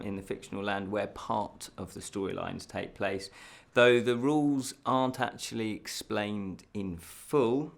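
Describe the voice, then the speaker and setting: A man's voice: lowish voice, fairly bright tone. A man hosts a casual fantasy news show, chatty and laughing at his own slips.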